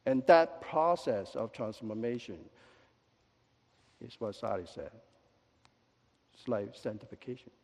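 A male pastor delivering a lively sermon with joking asides and quick apologies, in a church sanctuary. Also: mid-range voice. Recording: long echo of a large hall.

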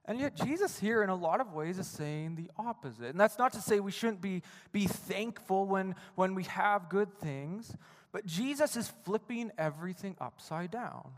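A man preaches an earnest sermon in a fairly high voice and often doubles back on his own words. His voice rings out into a long, echoing hall. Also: animated, moderate pace. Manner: earnest, repeats words as he speaks, frequent "right?". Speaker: pastor. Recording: reverberant hall.

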